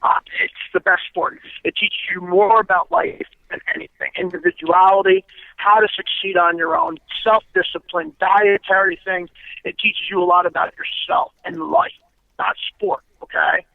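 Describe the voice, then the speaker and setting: A man's voice: high voice, fairly even intonation, normal speed, vocal fry, dry recording. A man, a former pro wrestler, telling stories in a blunt, profane, emphatic way as an interview guest over a phone line. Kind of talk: casual storytelling interview. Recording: tinny dry phone line.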